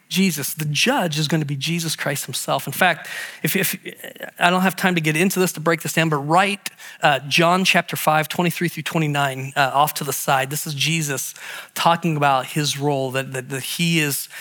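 Bright-voiced, high-pitched male pastor preaching. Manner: animated storytelling, many restarts and repeated words. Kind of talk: sermon.

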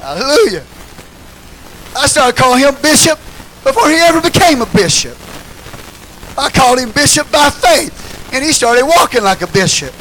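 A man preaching a sermon, swinging between shouted call-and-response lines and low, quiet asides to the congregation. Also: animated, moderate pace, a little hiss or hum, poor audio. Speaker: pastor.

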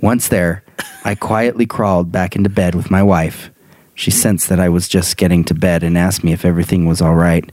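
A man's voice: sits low, level tone, moderate pace, a little mellow, no echo. A young man casually reading a funny dream story aloud, laughing often and breaking into banter. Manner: laughs often, puts on silly voices in quotes.

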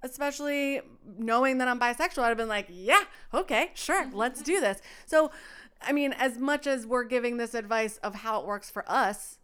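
Frank, smooth-voiced woman speaking bluntly. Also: a little high, a little fast, a bit bright. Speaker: podcast guest. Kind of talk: candid casual chat. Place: home living room, remote call.

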